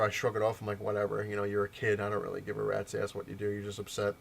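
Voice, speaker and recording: A man's voice: on the low side, steady tone, racing, gravelly, few pauses. A man in his thirties hosting a casual video rant, telling a rambling story and mimicking the people he quotes. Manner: rambling storyteller, mocks the voices of gamers he quotes. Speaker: comic shop video host.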